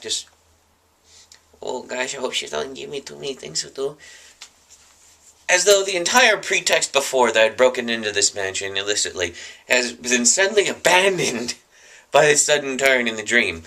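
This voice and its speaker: A man's voice: on the low side, sharp tone. A man casually telling a story in a vlog, rambling with many fillers and chuckles. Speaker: vlogger.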